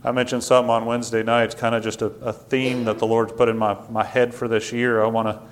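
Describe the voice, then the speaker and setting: Stammering preacher man, loud then hushed. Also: medium pitch, flat delivery, fast. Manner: stammering restarts, swings from loud to quiet. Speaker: pastor. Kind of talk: sermon. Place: church sanctuary.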